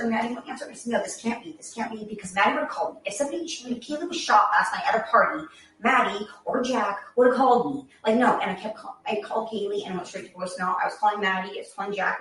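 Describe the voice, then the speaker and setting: A woman's voice: mid-range voice, fast talker, fairly bright tone, slight background noise. A middle-aged woman, a mother, recounting events emotionally, repeating herself and acting out the voices she quotes. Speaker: mother of a victim. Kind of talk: emotional retelling in an interview. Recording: echoey room from far off.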